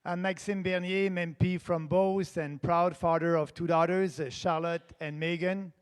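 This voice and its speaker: A man with a Québécois French accent, whose first language is French, delivers an earnest, emphatic debate statement. His voice sits quite high for a man. It rings with a long reverb, as if heard in a large debate hall. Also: fairly even intonation, a little slow, clear, resonant tone. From Quebec, Canada. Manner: earnest, emphatic, stresses key words. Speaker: political candidate.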